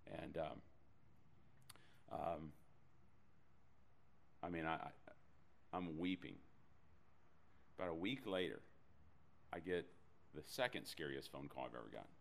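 A man preaching a sermon, telling a personal story with animated delivery and self-deprecating humor. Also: a bass voice, measured pace, gravelly, pauses often. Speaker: pastor.

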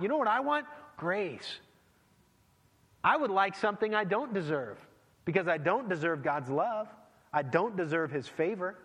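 Guy preaching a sermon, kinda high voice, chatty, acts out little dialogues, big echoey church. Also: fairly bright tone. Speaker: pastor.

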